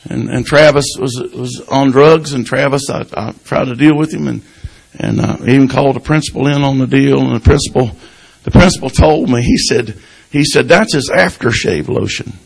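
Gravelly preacher, folksy. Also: male voice, medium pitch, normal speed, few pauses, poor audio. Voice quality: gravelly, husky. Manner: folksy, breaks in with hallelujahs, swings from loud to hushed. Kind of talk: informal country sermon.

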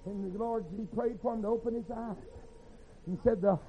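A man preaching a sermon, telling stories in a rhythmic, folksy way that swings from hushed to shouting. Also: high-pitched, fairly even intonation, moderate pace. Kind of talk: sermon storytelling. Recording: tinny phone-like sound with faint music.

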